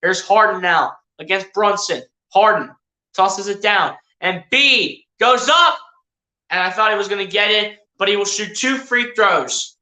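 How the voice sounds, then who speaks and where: A bright-toned streamer calls a basketball game play by play in a loose, casual way, talking straight to the players and to the chat. Mid-pitched and a little hedging, sometimes correcting names on the fly, heard in a roomy, echoey space. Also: moderate pace. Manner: chatty, addresses players and viewers directly, self-correcting. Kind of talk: casual live play-by-play commentary.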